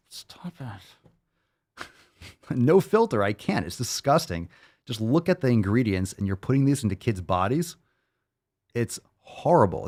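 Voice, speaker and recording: A man's voice: lowish voice, darkish tone. A male podcast host ranting bluntly and profanely in a monologue.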